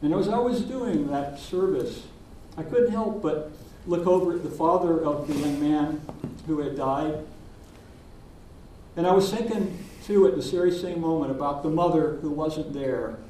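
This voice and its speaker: An older man preaching in a church, telling his story slowly and gently with pauses. His voice is mellow and a bit high for a man. It is picked up from a distance and rings through a reverberant sanctuary. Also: a little hiss or hum. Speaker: minister. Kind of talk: sermon.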